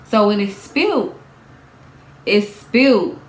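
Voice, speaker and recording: A young woman telling a storytime vlog in a casual, animated way, repeating herself, swearing and laughing as she goes. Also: medium pitch, slow pace, reverberant. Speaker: vlogger.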